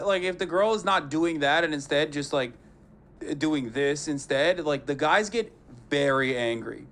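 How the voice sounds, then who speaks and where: Loud, profane male streamer with a high voice. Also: measured pace. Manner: profane, animated, mocks voices. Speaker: streamer reacting to clips. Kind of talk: casual live-stream commentary.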